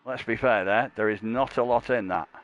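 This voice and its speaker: A man giving live commentary on an online racing league. He is chatty and jokey, rambles through asides, and gets louder and higher when a race starts. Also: moderate pace, highs cut off. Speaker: sim racing commentator and stream host.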